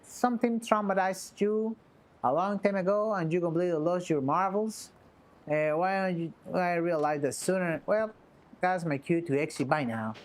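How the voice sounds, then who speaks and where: A woman's voice: on the low side, moderate pace, lightly acted. Woman reading as a sarcastic, impatient brawler. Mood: mocking. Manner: sarcastic, impatient, casual slang. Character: blunt, mocking man, a brawler. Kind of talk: reading game dialogue aloud.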